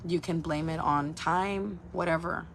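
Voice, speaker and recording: A woman content creator talking bluntly and casually to her supporters on a livestream, swearing often and throwing in quick asides. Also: lowish voice, fairly even intonation, slight background noise.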